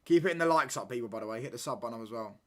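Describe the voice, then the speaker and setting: A young man chatting casually and slangily on a live football watchalong stream, sometimes getting loud when he rants. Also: mid-range voice, expressive, racing. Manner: casual slangy banter, repeats phrases, gets loud when ranting.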